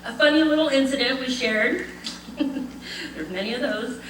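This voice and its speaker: A woman's voice: high-pitched, fairly bright tone, distant mic, a little hiss or hum. Older woman giving a heartfelt eulogy. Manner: heartfelt, measured reading with light laughter. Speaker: eulogy speaker. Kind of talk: reading a prepared eulogy. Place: memorial gathering in a community hall. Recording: echoey hall, voice from afar.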